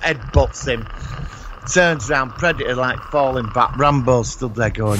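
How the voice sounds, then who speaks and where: Man, podcast co-host, rambling animated storytelling, swears, mid-pitched voice, constant background hiss. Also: moderate pace. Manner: rambling, animated retelling with sound effects and swearing. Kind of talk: casual chat.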